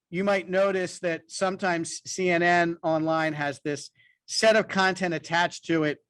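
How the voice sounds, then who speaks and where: Higher-pitched man explaining, dry sound. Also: a bit bright, no room sound. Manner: explanatory, conversational. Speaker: podcast co-host. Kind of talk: business podcast talk.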